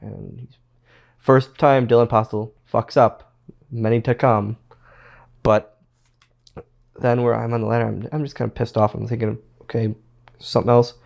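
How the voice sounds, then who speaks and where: A man's voice: mid-range voice, flat delivery, normal speed, vocal fry, long pauses, a little mellow. A man, a former pro wrestler, telling stories as a guest in a casual interview, rambling and repeating words as he quotes others.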